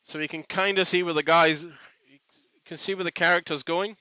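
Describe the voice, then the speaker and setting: A man's voice: on the high side, fairly even intonation, normal speed, sharp tone, smooth, no echo, low-quality recording. A man hosting a woodworking live stream, chatting in a rambling, joking way from his workshop. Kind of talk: casual live stream chat. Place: home workshop.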